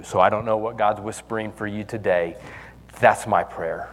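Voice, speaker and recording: Conversational pastor in a reverberant hall. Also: male voice, fairly low pitch, fairly even intonation, normal speed. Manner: casual, conversational, many fillers and restarts. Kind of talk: sermon.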